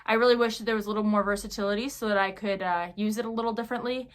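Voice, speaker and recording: A woman's voice: medium pitch, fairly even intonation, rapid-fire. A young woman talking casually in a vlog Q&A, chatty and full of fillers, telling stories with animation. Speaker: YouTuber.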